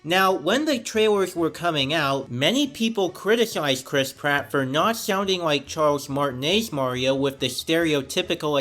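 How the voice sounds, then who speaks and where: A man giving a scripted film review in an enthusiastic, animated way. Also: a little high.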